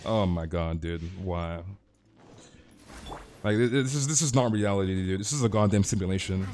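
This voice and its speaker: A man's voice: low voice, moderate pace, slight background noise. Ranting, stammering male game streamer. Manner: excitable, stammering repeats, frequent swearing. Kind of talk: casual live-stream rant.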